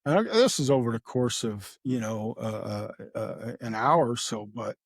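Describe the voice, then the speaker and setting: A middle-aged man talks through an old case in a loose, rambling way, full of fillers. He slips into the voices of the people he quotes. His voice sits at an ordinary pitch, and the sound is dry and close. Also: animated, moderate pace, breathy edge, dry recording. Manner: rambling, acts out quoted dialogue, many fillers. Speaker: retired homicide detective, guest. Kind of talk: casual true-crime storytelling.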